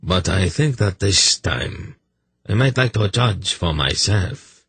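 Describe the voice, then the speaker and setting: A man voicing a cold, hollow-voiced old high priest who speaks slowly and non-committally. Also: expressive, fairly bright tone, breathy edge, no room sound, full character voice. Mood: cold commanding.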